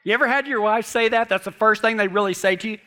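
A man's voice: high voice, quick pace, pushed and bright. A man telling a humorous story in a folksy, joking way, with rural turns of phrase.

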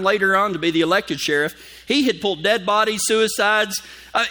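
A man preaching a sermon, telling a folksy personal story and dropping to a hushed tone for scripture. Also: high voice. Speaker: pastor.

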